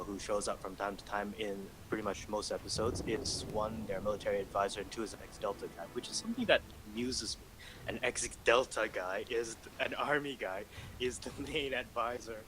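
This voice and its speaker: A man's voice: fairly low pitch, steady tone, normal speed. Chatty Malaysian man on a noisy mic. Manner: rambling, chatty storyteller. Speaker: call center supervisor. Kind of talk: casual voice chat.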